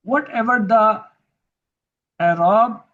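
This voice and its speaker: A man's voice: high voice, slow, narrow, tinny audio. A man teaching grammar in a recorded lesson, patiently repeating each term so students can drill it.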